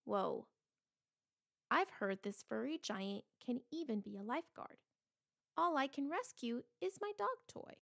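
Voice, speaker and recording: A woman voicing a curious, adventurous male dog in a children's storybook, speaking in a lively, exclaiming way. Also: high-pitched, a little slow, creaky, exaggerated voice.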